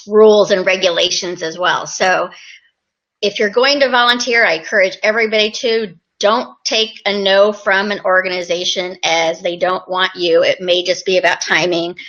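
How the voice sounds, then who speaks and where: Bright-voiced woman podcast host. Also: medium pitch, steady tone, moderate pace. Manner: encouraging, explanatory, with fillers and restarts. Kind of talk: conversational podcast talk. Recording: dull lo-fi podcast audio.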